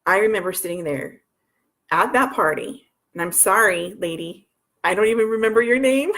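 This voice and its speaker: A woman's voice: mid-range voice, moderate pace, fairly bright tone. A woman in her thirties, a homeschooling mother telling her story in a rambling way, full of restarts and asides. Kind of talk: personal storytelling.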